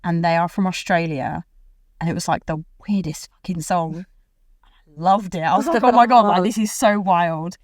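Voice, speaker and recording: A woman's voice: lowish voice, normal speed, no echo. A British woman hosting a podcast in a studio, chatting casually and rambling with lots of likes. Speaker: podcast host. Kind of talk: casual chat. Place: recording studio.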